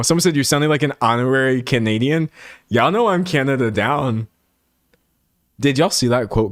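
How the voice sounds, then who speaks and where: A man's voice: mid-range voice, dry recording. Young male streamer from Texas, casual chat with comments, plays up quotes, dry close sound. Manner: animated, mock-dramatic voices for quoted comments. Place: home room with a set backdrop.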